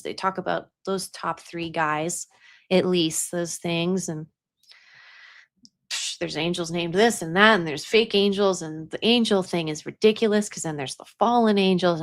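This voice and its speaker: A young adult woman who works as a psychic medium, talking casually about spiritual matters, chatty, laughing often and dropping into a whisper at times. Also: on the low side. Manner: chatty, laughs often, drops into whispers while telling a story.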